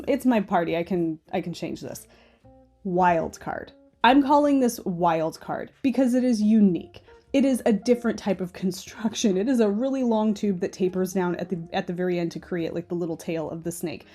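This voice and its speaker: A woman's voice: medium pitch, dark tone. A woman hosting a knitting channel, chatting casually with a stuffy nose and thinking aloud as she goes. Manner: chatty, thinks aloud, changes her mind. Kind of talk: casual chat.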